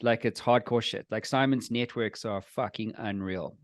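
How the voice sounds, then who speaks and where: A man's voice: fairly low pitch, steady tone, moderate pace, dry recording, studio quality. A man hosting a casual podcast, asking questions and telling loose, profane stories. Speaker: podcast host.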